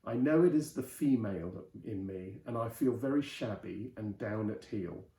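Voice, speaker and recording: A man reading a 1930s novel aloud as host, telling the story in a lively, animated way. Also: lowish voice, normal speed, echoey room. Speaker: host and reader.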